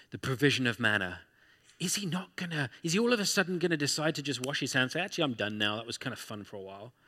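A man's voice: fairly high pitch, sharp tone, long reverb tail. A man preaching a sermon as pastor, talking through scripture in a conversational way with rhetorical questions.

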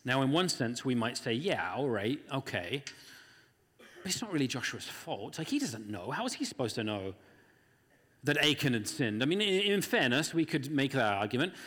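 A man's voice: mid-range voice, very animated, normal speed, fairly bright tone. A man preaching a sermon in an earnest, conversational way, often acting out the voices of the people he quotes. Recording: long hall reverb.

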